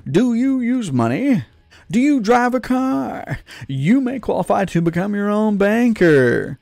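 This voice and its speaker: A man's voice: high-pitched, big pitch swings, unhurried, creaky, darkish tone, pitched above the performer's own voice, heavily acted. A man putting on the voice of an overexcited TV ad announcer, drawing out mock-salesy questions. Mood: hammy pitch.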